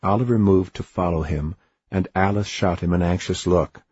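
A man narrating an audiobook in an expressive, wry storytelling manner. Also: low voice, moderate pace, breathy edge, no room sound. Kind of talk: scripted narration. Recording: dull lo-fi dry recording.

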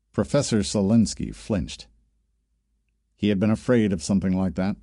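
Male audiobook narrator, low mellow voice, steady reading. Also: moderate pace, long pauses, dry recording, studio quality. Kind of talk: scripted narration.

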